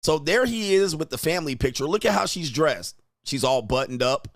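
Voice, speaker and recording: A man's voice: fairly high pitch, lively intonation, moderate pace, fairly bright tone, no echo, studio quality. A man hosting a crude, mocking reaction commentary, laughing and sneering at the clips he reads out. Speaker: host reacting to online clips.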